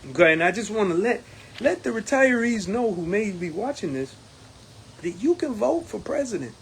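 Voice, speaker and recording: A man's voice: sits high, sing-song, moderate pace, vocal fry, slight background noise, low-quality recording. A man, a union steward running for local president, recapping an event in a casual talking-to-camera monologue, emphatic and defiant, with many fillers and restarts.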